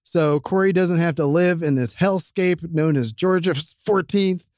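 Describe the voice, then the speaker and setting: A man's voice: a little high, measured pace, darkish tone, no room sound, studio quality. A man hosting a podcast, loose and jokey, wrapping up a show. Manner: loose, jokey, puts on silly voices. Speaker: podcast host. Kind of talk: casual chat.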